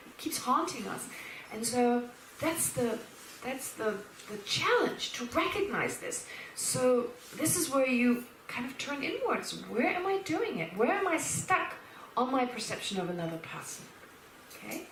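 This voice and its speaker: A woman's voice: fairly high pitch, a bit bright. A woman teaching a class on the mind as a Buddhist teacher. She often asks the class questions and acts out little exchanges. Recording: echoey room, mic far off, faint noise.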